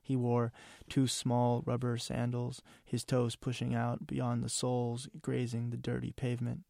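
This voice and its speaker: A man reads his own literary fiction aloud with a measured, somber delivery. His voice is low, gravelly and almost monotone, recorded dry and close. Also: no room sound. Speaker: author reading his novel. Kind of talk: literary reading.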